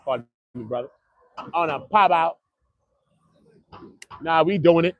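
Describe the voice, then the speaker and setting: A man's voice: fairly high pitch, unhurried, creaky, dry recording, muffled recording. A young man hosting a casual livestream outdoors by a courthouse, joking in slangy banter with his viewers. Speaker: livestream host.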